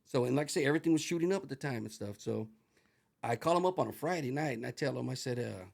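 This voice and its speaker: A middle-aged man telling a profane, animated story as an interview guest, slipping into Spanish phrases as he acts out the dialogue. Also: mid-range voice, fast, creaky. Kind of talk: casual storytelling.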